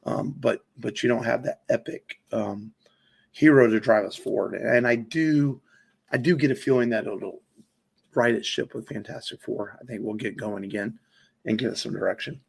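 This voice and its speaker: A man with a gravelly, husky voice talks casually on a podcast. He rambles and circles back with plenty of ums and restarts, at an ordinary pitch. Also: moderate pace. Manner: rambling, many fillers and restarts. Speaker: podcast co-host. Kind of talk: casual film chat.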